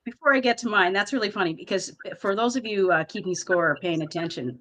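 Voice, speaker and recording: A woman's voice: mid-range voice, animated, fast, bright, forceful tone. A woman co-hosting a podcast, telling a story with frequent laughter and swearing. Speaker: podcast co-host. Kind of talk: casual chat.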